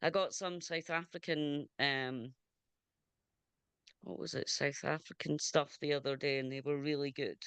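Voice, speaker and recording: A Scottish woman hosting a radio show chats enthusiastically with a guest over a video call, quick to laugh in this casual interview. Her voice sits low with a steady, clean tone and no echo.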